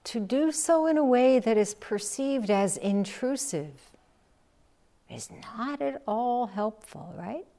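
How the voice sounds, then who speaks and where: A woman Zen teacher giving a dharma talk, telling a story slowly and reflectively and acting out the quotes. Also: on the high side, expressive, mellow.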